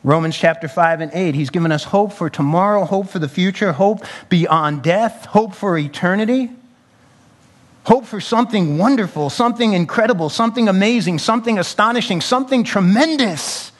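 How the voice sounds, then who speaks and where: A male pastor with a notably high voice delivers a fervent sermon, building through repeated phrases. He drops into casual slang and chatty asides between scripture readings. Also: moderate pace. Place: church sanctuary.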